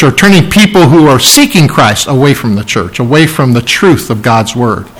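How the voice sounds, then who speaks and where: A man preaching a sermon, emphatic and repeating key phrases, sometimes dropping to a soft hush. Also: medium pitch, rough recording. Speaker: pastor.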